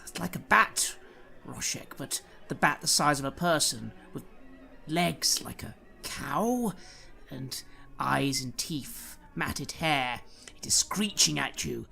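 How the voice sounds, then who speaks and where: A man's voice: medium pitch, big pitch swings, measured pace, gravelly, sharp tone, soft background music. A man narrating a tabletop horror game as game master, with detailed scene descriptions. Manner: detailed, vivid scene-setting.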